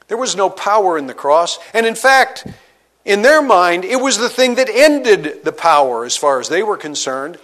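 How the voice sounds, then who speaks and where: A man preaches with a fairly high voice, moving between reading scripture and casual retelling. He often sinks his voice low and soft to press a point home. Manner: expository preaching, reads scripture aloud and paraphrases it conversationally; dynamic delivery, drops low and quiet for emphasis. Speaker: pastor. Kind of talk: sermon.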